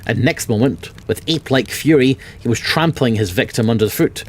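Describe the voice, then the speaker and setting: A man's voice: medium pitch, moderate pace, darkish tone. A man from Edinburgh with a Scottish accent, reading a classic novel aloud in a dramatic storytelling manner with occasional stumbles. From Scotland. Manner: dramatic storytelling with occasional slips and self-corrections. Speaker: narrator, audiobook reader.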